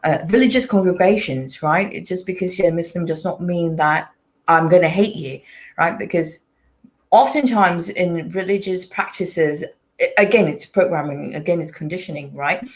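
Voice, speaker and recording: A woman's voice: lowish voice, normal speed. A woman hosting a podcast discussion, talking earnestly and repeating points for emphasis. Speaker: podcast host. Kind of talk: casual discussion.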